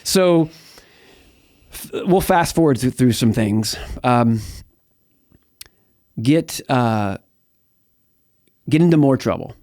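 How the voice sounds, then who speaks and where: A man's voice: medium pitch, expressive, slow, long pauses, darkish tone, dry recording, studio quality. A middle-aged man from the United States telling his life story as an interview guest, candid and rambling, with many fillers and restarts. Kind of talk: personal testimony in conversation.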